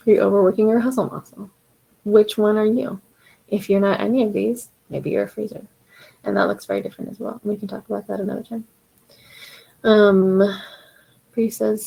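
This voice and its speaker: A woman's voice: medium pitch, creaky, dark tone, breathy edge, poor audio. A woman giving a casual, encouraging live coaching talk to singers, acting out their inner voices as she goes.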